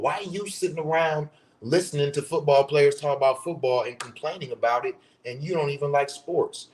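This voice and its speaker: A man's voice: on the high side, brisk, darkish tone. A man in a casual vlog rant, blunt and profane, asking rhetorical questions and repeating his points. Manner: blunt, profane, mocking voices of commenters. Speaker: social media commentator.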